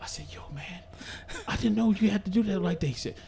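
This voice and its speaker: A podcast host with a high, gravelly voice talks fast as he tells a funny story in a casual chat. He's animated and laughs often, stumbling over his words, stammering and restarting. Noisy room ambience surrounds the recording.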